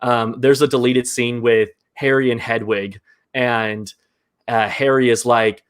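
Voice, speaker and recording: A man hosting a live movie ranking show in casual chat, enthusiastic and quick to laugh, with lots of fillers. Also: mid-range voice, steady tone.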